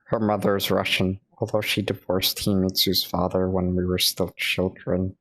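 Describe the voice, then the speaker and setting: A man reading a visual novel's narration aloud in a steady storytelling way. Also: sits low, moderate pace, low-quality recording. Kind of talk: reading game text aloud with friends.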